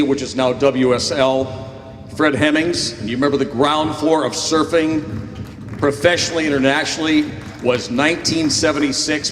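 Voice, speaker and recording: A man's voice: a little high, slight background noise. Man emceeing through an echoing PA. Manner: upbeat, addresses the crowd. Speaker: master of ceremonies. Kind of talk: emcee remarks at a memorial. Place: outdoor beach gathering on a sound system. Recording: echoey public address with long reverb.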